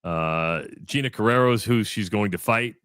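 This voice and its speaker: A man's voice: lowish voice, moderate pace, a bit bright, clear, resonant tone, dry recording, clean studio sound. A man co-hosting a sports radio show, chatting casually and joking, sometimes tripping over his words. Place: radio studio.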